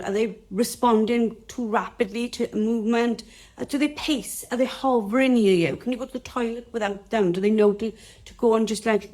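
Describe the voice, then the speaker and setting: A woman's voice: medium pitch, a little mellow. A woman with a Welsh accent, a dog trainer hosting a casual live teaching session, chatty and rambling as she talks straight to her viewers.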